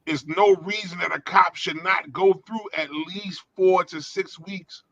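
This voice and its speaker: A man's voice: sits high, fairly even intonation, a little slow, a bit bright, no echo, lo-fi sound. A man on a casual podcast, making emphatic, profane points about policing. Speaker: podcast co-host. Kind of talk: casual chat.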